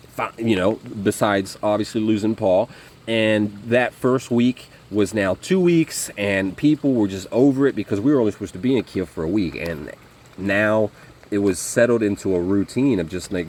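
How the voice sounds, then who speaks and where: A man's voice: lowish voice, a little mellow, a little hiss or hum. A man telling war stories to camera in a rambling, conversational way, with lots of fillers and restarts. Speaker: vlogger. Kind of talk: casual storytelling monologue.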